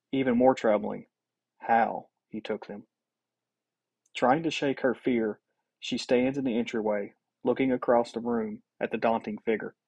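Husky-voiced male story narrator. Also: mid-range voice, darkish tone, muffled recording. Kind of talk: scripted narration.

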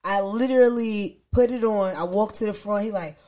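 During a casual podcast chat, the co-host, a woman with a mid-range voice and moderate pace, tells a story. She's animated and performs what others said.

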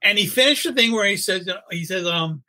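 An older man telling a lively anecdote in casual chat, laughing and acting out quotes as he goes. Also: high voice, brisk, low-quality recording. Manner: animated, laughing storyteller who acts out quotes. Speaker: storyteller guest.

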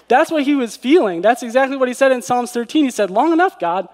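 A man with a high voice delivers an earnest devotional sermon, often turning to his listeners with rhetorical questions. His words ring out in a hall with a long, lingering reverb. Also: fast, a little mellow. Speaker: preacher.

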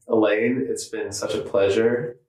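A man's voice: on the low side, fairly even intonation, slow pace, darkish tone. An American man hosting a podcast, teasing his guest with short joking remarks. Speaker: podcast host. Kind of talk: casual podcast chat. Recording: roomy echo.

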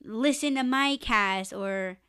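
A woman's voice: fairly high pitch, slow pace, fairly bright tone, clean tone, no echo, clean studio sound. A young woman hosting a live podcast, chatting casually, swearing freely and laughing often. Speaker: podcast host. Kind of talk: casual live-stream chat.

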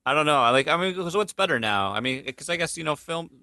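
A man's voice: fairly high pitch, expressive, fast talker, sharp tone, no echo, studio quality. A man co-hosting a casual podcast, musing aloud and asking questions in a teasing, chatty way. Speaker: podcast co-host. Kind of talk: casual chat.

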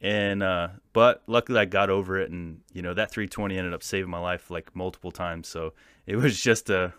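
An American man in his thirties, a podcast guest and former soldier, telling war stories in a casual, profane, animated way with frequent laughs. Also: deep voice, a little fast, clean tone, dry recording, studio quality. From United States. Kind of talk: casual storytelling.

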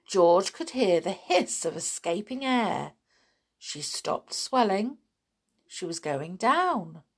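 A woman reading a children's story aloud with expressive, dramatic delivery. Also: medium pitch, slow pace, breathy edge.

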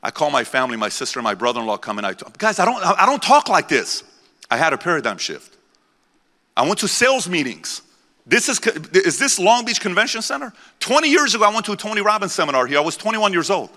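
Man in his 40s, motivational keynote, bright forceful tone, intense and preachy, long convention-hall reverb. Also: sits high, big pitch swings, quick pace. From born in Iran, raised in the United States. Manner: intense, preachy, repeats lines for emphasis. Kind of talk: live motivational speech to a crowd. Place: large convention center hall.

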